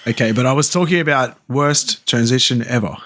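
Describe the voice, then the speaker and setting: A man's voice: mid-range voice, a little fast, a bit bright. A man co-hosting a podcast, teasing the others with dry banter. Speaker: podcast co-host. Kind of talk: casual chat.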